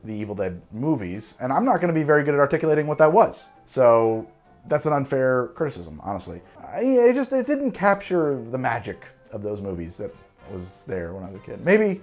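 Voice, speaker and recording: A man in his forties hosting a cocktail show, talking casually to camera in an animated, digressive and jokey way. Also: medium pitch, a little fast, faint music behind.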